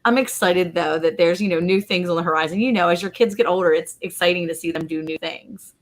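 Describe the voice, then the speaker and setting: A woman's voice: lowish voice, fast talker. A woman guest in a casual chat about homesteading, chatty and bubbly as she retells family moments. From American.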